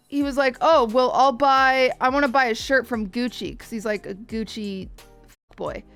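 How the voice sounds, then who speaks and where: Young woman, streamer, casual storytelling, high-ish voice, smooth clear tone, dry sound. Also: no room sound. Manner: animated, swears freely, mimics others in quick asides.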